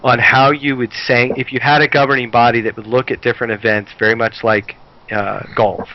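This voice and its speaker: A man's voice: medium pitch, level tone, a little fast. A man on a podcast explaining an idea casually, restarting his sentences often. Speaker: podcast panelist. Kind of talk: casual discussion. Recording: dull lo-fi audio.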